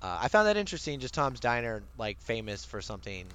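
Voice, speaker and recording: A man co-hosting a casual podcast chat, animated, swearing casually and laughing often. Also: mid-range voice, fast, smooth. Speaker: podcast co-host. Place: lives near Maryland.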